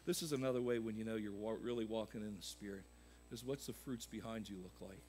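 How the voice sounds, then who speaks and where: A man's voice: quick pace, slight background noise. Emphatic preaching man. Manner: emphatic preaching, swings from shouted peaks to low asides. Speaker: pastor. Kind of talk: sermon. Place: church sanctuary.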